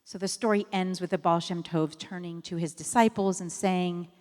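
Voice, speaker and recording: A woman's voice: fairly low pitch, steady tone, brisk, a little mellow. A woman rabbi giving a sermon in a synagogue, telling a story in a conversational way with fillers and self-corrections. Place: synagogue sanctuary. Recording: long reverb of a sanctuary.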